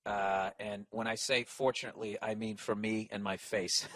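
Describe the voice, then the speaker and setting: A man in his forties, a podcast host, telling a story as a loud, profane comic rant. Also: lowish voice, dry recording. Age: 40s. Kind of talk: ranting comic monologue.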